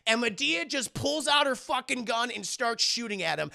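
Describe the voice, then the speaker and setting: Brief: excitable, foul-mouthed male streamer reviewing a film, high, sharp voice. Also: normal speed, vocal fry. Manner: excitable, profane, retells scenes animatedly. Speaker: movie reviewer and live streamer. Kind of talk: casual live-stream movie review.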